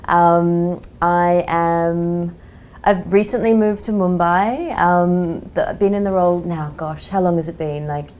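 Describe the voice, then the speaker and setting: Mellow low-pitched Australian woman in her 30s, frank chatty interview guest. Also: steady tone, unhurried. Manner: chatty, frank, many "like" and "um" fillers. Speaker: magazine editor, podcast guest. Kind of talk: casual interview chat.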